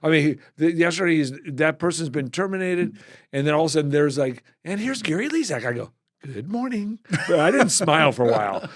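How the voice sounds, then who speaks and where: A middle-aged man, a weatherman guest on a podcast, telling animated anecdotes and acting out quoted voices. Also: on the high side, quick pace, dry recording, clean studio sound. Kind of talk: casual storytelling.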